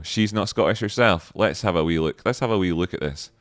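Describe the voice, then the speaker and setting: A man's voice: deep voice, fairly quick, hardly any pauses, no room sound, studio quality. A man hosting a live trading stream, riffing playfully with mock outrage and swearing as he reacts to chat and a video.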